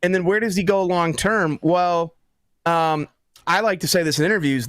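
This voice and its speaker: A man chatting as a guest author over a video call, with a fairly high voice and a dry, close sound. He tells stories with energy and acts out the lines of the people in them. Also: brisk, no echo. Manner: lively storyteller who acts out quotes. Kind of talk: casual interview chat.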